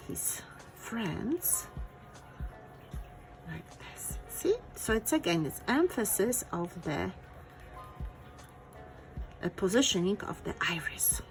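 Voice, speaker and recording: Woman art teacher, gravelly, lively pitch, faint music behind. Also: slow pace, long pauses, low-quality recording. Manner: encouraging, thinking aloud while drawing. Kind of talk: step-by-step drawing lesson.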